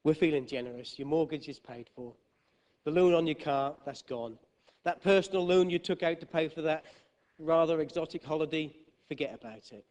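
A man voicing a generous male bank officer, speaking low and quiet. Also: normal speed, natural voice. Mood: indulgent.

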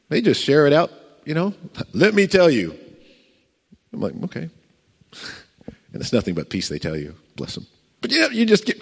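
A man preaching a sermon, telling a story with lively acted-out voices and chuckles and putting questions to the congregation. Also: fairly high pitch, gravelly. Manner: animated storytelling, acts out voices, chuckles, asks the crowd questions. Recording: long reverb of a large hall.

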